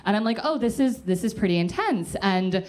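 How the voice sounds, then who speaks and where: A woman's voice: mid-range voice, lively intonation, a little fast, a little mellow. A woman comedian telling a personal story in a casual, profane way, acting out the people she quotes.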